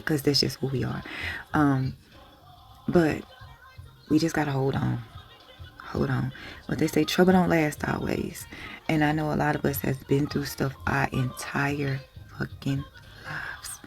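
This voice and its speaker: Gravelly woman, candid and emotional. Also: rumbling low, steady tone, measured pace, long pauses, soft background music. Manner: frank and emotional, with hushed asides and casual swearing. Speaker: spiritual vlogger. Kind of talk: candid motivational talk.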